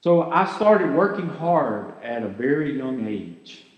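A man's voice: medium pitch, big pitch swings, slow, echoey room, big-room sound, dull audio. A man giving a sermon as pastor, earnest and conversational, asking his listeners rhetorical questions.

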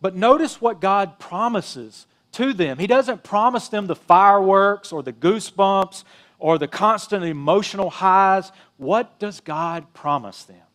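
High-voiced pastor preaching conversationally. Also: male voice, expressive, unhurried, fairly bright tone. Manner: conversational preaching, rising and dropping emphasis, frequent "you know". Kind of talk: sermon.

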